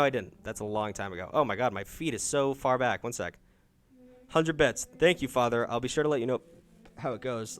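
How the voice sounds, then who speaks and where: A man's voice: mid-range voice, fairly bright tone. A man hosting a call-in dating stream, chatting casually, thanking viewers and swearing offhand. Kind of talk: casual live-stream chat.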